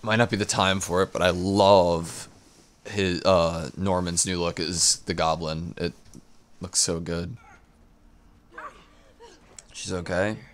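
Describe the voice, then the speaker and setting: A young man giving casual reaction commentary while watching a movie, relaxed and exclaiming. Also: sits low, slow, long pauses.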